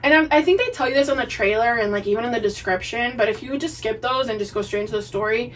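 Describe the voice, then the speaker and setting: High, animated Boston woman, recorded from afar. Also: quick pace. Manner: profane, animated, acts out characters' lines. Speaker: podcast co-host. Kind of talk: casual chat recapping a TV series. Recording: distant mic, poor audio.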